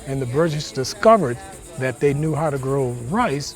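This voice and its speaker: A man's voice: mid-range voice, lively intonation, normal speed, faint music behind. A man confidently explaining his heritage outdoors at a family cookout. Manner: lecturing, confident.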